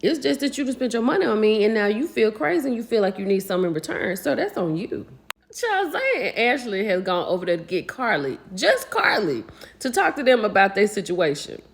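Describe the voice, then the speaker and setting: Animated gossipy woman recapping reality TV. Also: mid-range voice, a little fast, creaky. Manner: animated, gossipy, acts out quotes. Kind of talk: casual recap commentary.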